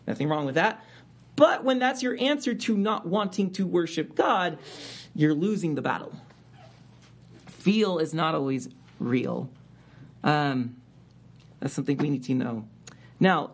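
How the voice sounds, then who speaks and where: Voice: medium pitch, breathy edge. A preacher giving a conversational expository sermon, stressing key words with sudden rises.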